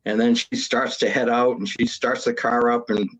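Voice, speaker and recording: A retired police officer from Massachusetts telling a prank story on a podcast, acting out the other people's voices with animation. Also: male voice, medium pitch, little pitch movement, normal speed, poor audio.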